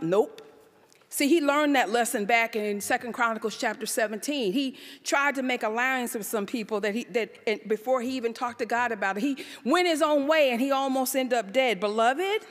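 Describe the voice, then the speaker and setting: Woman pastor, high voice, lively preaching with rhetorical questions, long hall reverb. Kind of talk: sermon. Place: church sanctuary. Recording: live church service in a reverberant hall.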